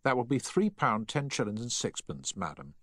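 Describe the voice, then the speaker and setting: A man's voice: mid-range voice, big pitch swings, moderate pace, a bit bright, husky, no room sound, clean studio sound, pitched above the performer's own voice. A man voicing a snobbish male tailor's shop assistant who lists items fussily and formally. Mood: prim.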